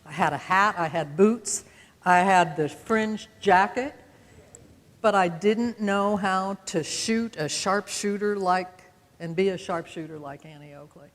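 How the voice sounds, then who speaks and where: A woman's voice: medium pitch, measured pace. A woman in her seventies from Utah, giving a folksy, conversational storytelling talk with self-deprecating humor from a stage. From American West, Utah. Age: 70s. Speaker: speaker. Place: stage in a large auditorium. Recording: long hall reverb of an auditorium.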